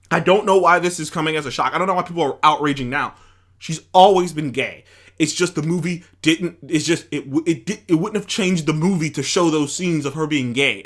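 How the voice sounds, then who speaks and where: A man delivers casual commentary in a rambling, animated way, full of restarts and fillers. His voice sits fairly high and swings widely in pitch. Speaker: commentary host.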